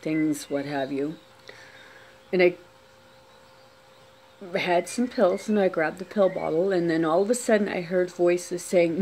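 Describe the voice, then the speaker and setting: A woman telling a personal story on camera, unscripted, talking quietly with many restarts and trailing phrases. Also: on the low side, measured pace, pauses often.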